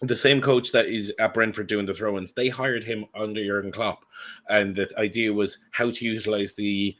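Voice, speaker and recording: Low-voiced animated football podcaster. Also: male voice, moderate pace. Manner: animated, digressive, swears freely. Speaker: podcast co-host. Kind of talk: casual football chat.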